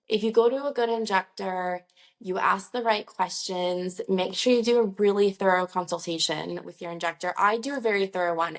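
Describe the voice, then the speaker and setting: A woman working as a nurse injector, talking casually to camera in a chatty, reassuring, rambling way. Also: mid-range voice. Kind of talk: casual talk-to-camera vlog.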